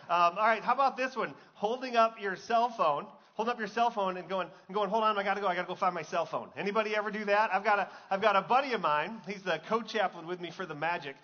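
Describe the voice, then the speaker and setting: In a lo-fi recording, a male pastor with a high-pitched voice delivers a sermon in a conversational, joking style, putting questions to the congregation.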